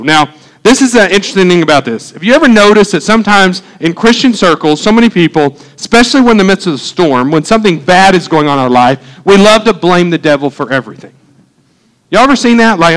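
A male pastor with a notably high voice for a man delivers a conversational sermon. He jokes with the congregation and acts out the voices in his stories. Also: animated, a little fast, a bit bright, rough recording. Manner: humorous, conversational preaching, acting out quotes.

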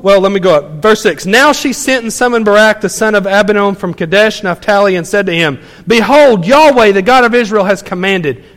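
High-voiced man preaching in a hall. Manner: animated preaching, quoting people in asides. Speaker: pastor. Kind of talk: sermon.

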